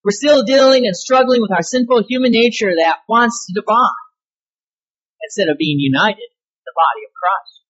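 A woman's voice: a little high, moderate pace, slightly rough, highs cut off. A woman pastor preaching a sermon in an emphatic way, stressing key words and asking rhetorical questions.

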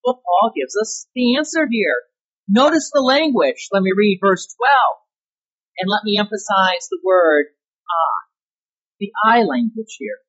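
A woman's voice: medium pitch, very animated, a little slow, husky, dull audio. A woman pastor preaching a sermon in an emphatic way, stressing key words and asking rhetorical questions.

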